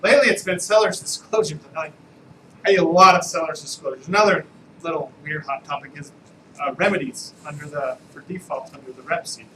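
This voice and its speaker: A man's voice: on the high side, a little fast, noisy background. A man, an attorney, giving a casual, joking live training talk to real estate agents and asking the room questions.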